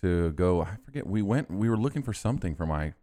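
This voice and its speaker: Fast-talking man co-hosting a podcast. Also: deep voice, expressive, dark tone. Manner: laid-back, loose and rambling. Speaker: podcast co-host. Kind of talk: casual chat.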